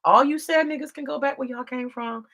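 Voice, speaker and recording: A woman's voice: high-pitched, fairly even intonation, brisk, fairly bright tone. A woman from the United States giving profane, confrontational vlog commentary in a preachy manner.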